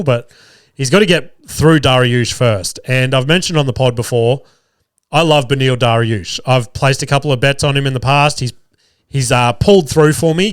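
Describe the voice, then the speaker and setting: Mid-range and a bit sick, coughing as he goes, this Australian man hosts a loose sports betting podcast, swearing freely and restarting sentences amid plenty of fillers. The studio mic in his small studio gives clean sound with no room tone.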